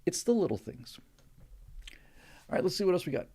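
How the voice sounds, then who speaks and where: A middle-aged man hosts a live stream in a rambling, casual monologue. He turns sardonic and heated when he rants, with his voice jumping up in pitch and volume. He slips into clipped pilot radio talk now and then. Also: sing-song, fairly quick, creaky, mellow, husky.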